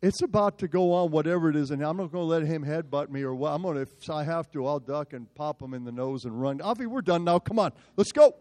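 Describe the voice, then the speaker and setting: A male pastor telling a story in a sermon, animated and self-mocking. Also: on the high side, fast talker, few pauses.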